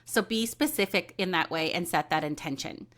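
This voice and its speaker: A woman who is an intuitive medium hosts a solo podcast, chatting casually and animatedly about intuition and readings while often acting out what people say. Her voice sits fairly low, slightly bright, at a normal speed.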